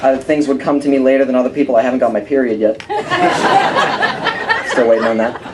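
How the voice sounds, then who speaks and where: A teenage boy doing a stand-up comedy set in a club, deadpan one-liners with some stammering into a stage mic. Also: medium pitch, fast talker. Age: teens. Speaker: stand-up comic. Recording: live club with loud crowd and noise.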